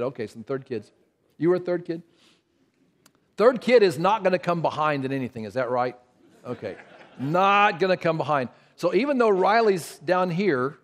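An older man preaching a sermon, telling family stories and asking the congregation questions. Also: a little high. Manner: storytelling, asks the congregation questions. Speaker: pastor.

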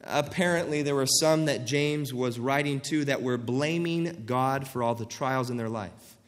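A man's voice: mid-range voice, measured pace, few pauses, long reverb tail. A man preaching a sermon, earnestly reading scripture and acting out quoted voices for emphasis.

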